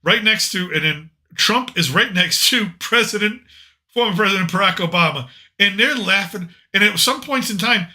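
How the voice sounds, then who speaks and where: Male podcast host, casual political chat, opinionated and joking, fairly high voice, very bright tone. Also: moderate pace.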